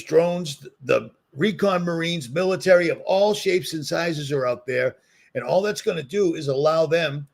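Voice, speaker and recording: Boston dude ranting into the camera, raspy gravelly voice, kinda high, keeps repeating himself. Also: male voice. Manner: ranting, emphatic, repeats points. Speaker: commentary vlogger. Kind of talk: heated solo commentary.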